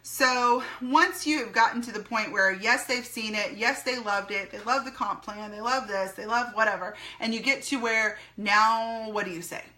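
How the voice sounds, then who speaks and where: Bright, upbeat woman team leader; instructive coaching talk, firm repeated key lines. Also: a little high, moderate pace, hardly any pauses. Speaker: sales team leader and trainer. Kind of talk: recorded training talk.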